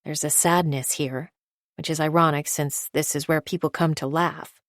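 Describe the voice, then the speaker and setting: A woman with a low voice narrates an audiobook in the first person, her intonation fairly even and her pace moderate. The studio-quality recording carries no room sound.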